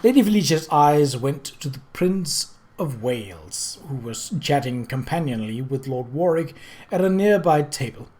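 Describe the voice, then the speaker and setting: A woman narrating a novel in a measured, even reading voice. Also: sits low. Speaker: audiobook reader. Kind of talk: storybook narration.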